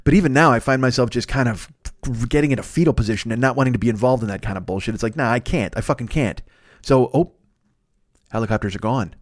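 Man, fifties, podcast host, rapid-fire, profane rambling, dry close sound. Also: medium pitch, no room sound. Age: 50s. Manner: profane, rambling, animated riffing. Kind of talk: casual monologue.

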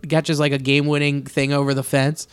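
A man co-hosting a casual sports chat, excitable and swearing, peppering his talk with "like.". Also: a little high, a little fast, clear, resonant tone, no room sound. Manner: excitable, swearing, says "like" a lot. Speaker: podcast co-host.

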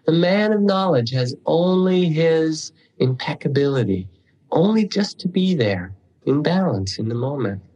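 A man giving a dharma talk as a meditation teacher, telling stories unhurriedly with pauses and the odd throat clearing. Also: fairly high pitch, lively intonation, dark tone, lo-fi sound.

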